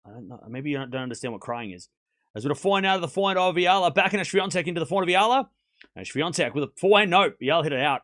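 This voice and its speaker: Excitable man calling tennis for his chat. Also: a little high, very fast, no room sound, studio quality. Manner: excited call-outs of play, then chatty asides to chat; teasing, mock-comforting viewers. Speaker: streamer commentating a tennis match. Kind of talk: live watchalong commentary.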